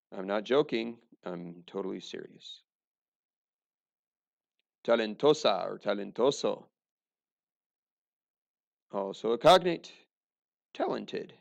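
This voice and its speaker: A man's voice: on the low side, vocal fry. A man teaching a recorded language lesson, mixing dry joking asides into the explanations.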